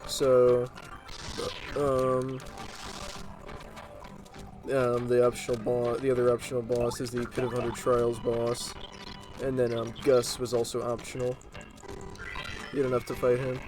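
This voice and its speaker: A man giving laid-back gameplay commentary in a mid-pitched voice, pausing often with fillers. Clear video game music plays under his talk. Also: poor audio. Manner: relaxed, rambling with many fillers. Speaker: let's play host.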